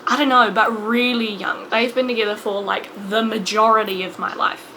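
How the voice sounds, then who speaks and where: A woman's voice: fairly high pitch, level tone, moderate pace, pushed and bright, slight background noise, rough recording. A woman in her late twenties talking to camera in a personal vlog, emotional and rambling, full of fillers and restarts. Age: 20s. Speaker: vlogger.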